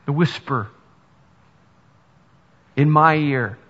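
A man's voice: a little high, animated, takes it slowly, pauses often, a bit bright, husky. Preaching man in a reverberant hall. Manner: earnest, rising to emphatic preaching. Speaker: pastor. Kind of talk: sermon. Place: church sanctuary. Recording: dull sound with long reverb in a hall.

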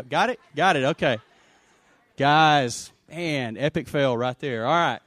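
A male pastor leads a church service, full of jokes and shout-outs to the room. His voice sits fairly high and bounces with energy. The sound is dry and close. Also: slow, no echo. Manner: energetic, joking, shouts out to the congregation. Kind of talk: sermon.

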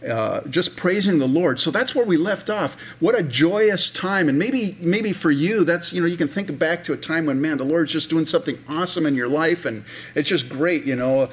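A man preaching a sermon in a relaxed, conversational way, with many fillers and restarts, sometimes acting out voices of people in the story. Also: a little high, normal speed, few pauses, slightly rough. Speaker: pastor.

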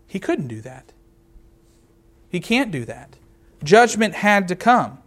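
A man preaching a sermon, reading scripture aloud and explaining it verse by verse, earnest and slowing down to stress key words. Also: sits high, very animated, fairly bright tone. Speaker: pastor.

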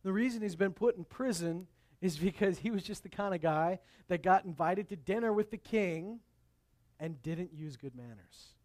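A male pastor preaching a sermon, rising to booming scripture quotes and dropping to quiet asides. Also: lively intonation, moderate pace. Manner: wide swings in loudness, booming when quoting scripture, dropping low for asides.

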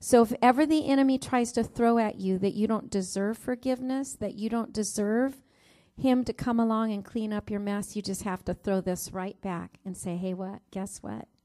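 A woman's voice: on the high side, fairly even intonation, moderate pace. A middle-aged woman preaching a sermon, reading scripture and telling a family story, stressing each verse number. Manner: warm storytelling with Bible reading, rising emphasis on verse numbers.

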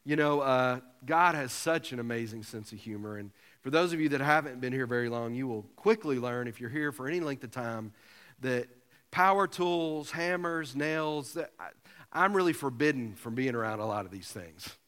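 A pastor preaching a sermon, telling a self-mocking story with humor. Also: male voice, mid-range voice, moderate pace, a bit bright, clear, resonant tone. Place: church sanctuary. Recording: long hall reverb.

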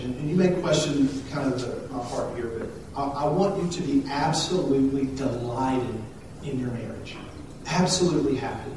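A man in his thirties, a pastor giving a conversational, animated sermon with asides and jokes. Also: fairly high pitch. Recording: echoey hall, speaker far from the mic, faint noise.

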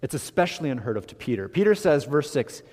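A man preaching a sermon as pastor, telling a story with emphatic swings in loudness. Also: on the high side, sing-song, fast talker, long reverb tail. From Michigan.

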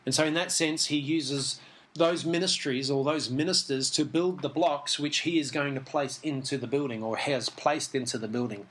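Brief: man, Bible teacher, relaxed talk, mid voice. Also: mid-range voice, normal speed, breathy edge. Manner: reads scripture aloud, easygoing and chuckling. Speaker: Christian teacher.

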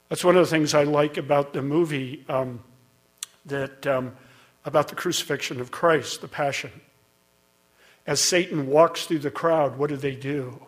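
A man's voice: fairly high pitch, measured pace, pauses often. A middle-aged man preaching a sermon, telling a story in a conversational way and building to emphatic peaks. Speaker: pastor.

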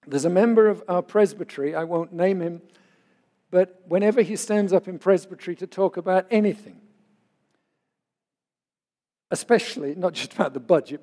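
High-voiced older man preaching in a hall. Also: mellow. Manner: earnest, conversational preaching with personal stories. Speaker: pastor. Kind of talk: sermon.

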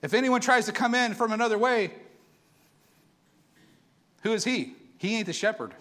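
A man preaching a sermon to his church, animated and conversational, asking the congregation for responses. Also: high-pitched, moderate pace. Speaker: pastor.

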